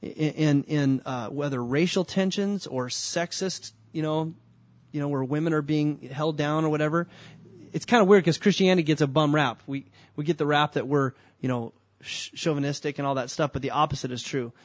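A man's voice: fairly high pitch, dry recording. Emphatic male pastor preaching, dry sound. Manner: conversational preaching, rising emphatic bursts and slow drawn-out lines. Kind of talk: sermon.

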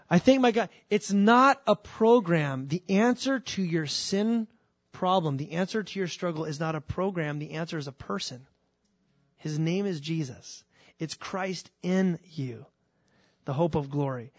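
A man preaching a sermon in a conversational, animated way, with restarts and asides. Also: on the high side, moderate pace, no room sound. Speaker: pastor.

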